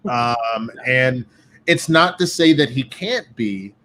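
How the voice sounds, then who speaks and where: A man in casual podcast chat, telling animated, profane stories and acting out what others said. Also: medium pitch, takes it slowly. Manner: profane, animated storytelling with quoted voices. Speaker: guest.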